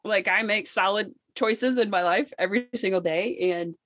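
A woman's voice: mid-range voice, moderate pace, fairly bright tone, no room sound. A woman who is an intuitive medium, talking casually and chattily, full of "like" and the odd curse. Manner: chatty, peppers speech with "like" and swearing. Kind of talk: casual conversation.

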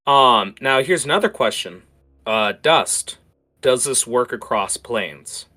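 A man narrating a tabletop game as its game master, animated and full of filler words. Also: medium pitch, slow pace.

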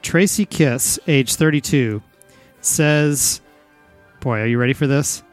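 A man hosting a casual comedy podcast, with a teasing, deadpan delivery. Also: mid-range voice, takes it slowly, faint music behind. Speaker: podcast host.

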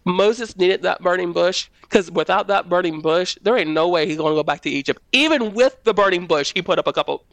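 A woman speaking as a prophet, giving a personal faith testimony in a panel conversation. She tells it as an animated story and acts out the quoted voices in a high tone. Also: brisk, hardly any pauses, no echo.

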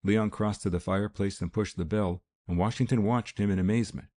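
A man narrating a classic novel as an audiobook in a steady, measured storytelling voice. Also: on the low side. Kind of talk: scripted narration.

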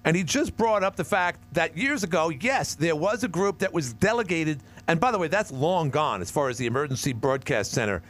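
A middle-aged man hosting a call-in radio show, jovial and quick to laugh. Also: fairly high pitch, lively intonation, fairly bright tone. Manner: jovial, laughs often, interrupts. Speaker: radio talk show host.

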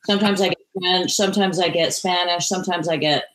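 A woman's voice: lowish voice, fairly even intonation, fast, echoey room, rough recording. A woman chatting casually on a podcast, proudly describing her husband's knack for accents. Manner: warmly boastful about her husband. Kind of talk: casual chat.

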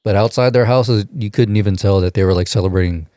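A young man hosting a podcast, telling crude stories in a loose, animated way and shouting out his quotes. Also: lowish voice, fast, no echo, studio quality. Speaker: podcast host. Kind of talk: casual podcast chat.

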